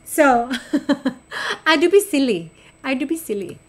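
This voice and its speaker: Bubbly middle-aged lady streaming games, high voice, chatty and sweet to chat. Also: unhurried. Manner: chatty, animated, talks to chat affectionately. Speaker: game streamer. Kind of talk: casual chat while gaming.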